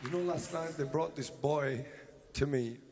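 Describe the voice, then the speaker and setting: A preacher at a revival meeting, declaring prophecy over a boy and shouting. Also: a little high, measured pace, big-room sound. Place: large church hall. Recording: live church recording, crowd noise.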